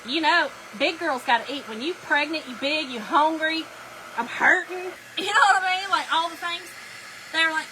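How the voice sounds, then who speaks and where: Brief: middle-aged woman, animated live-stream storyteller, bright high voice, noisy room with a hair dryer running. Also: normal speed. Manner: chatty, animated, laughing, talks to viewers as y'all. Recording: background noise with a hair dryer.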